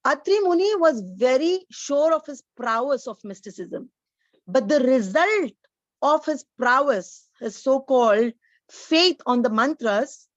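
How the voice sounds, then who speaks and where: A woman's voice: high-pitched, no echo, dull audio. A woman giving an online scripture lecture, explaining each point earnestly, like a teacher.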